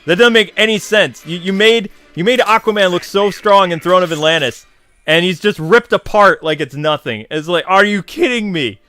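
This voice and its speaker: Bright-voiced, animated male reviewer. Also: sits high, moderate pace, no echo, faint music behind. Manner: animated, slangy and exasperated. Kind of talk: casual spoken review.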